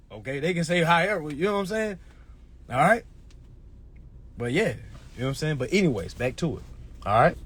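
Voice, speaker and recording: A man delivering a casual, preachy rant to his viewers, swearing freely, tagging his points with "all right?" and swinging between murmurs and shouts. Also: high-pitched, husky. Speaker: social media commentator. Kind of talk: casual ranting monologue.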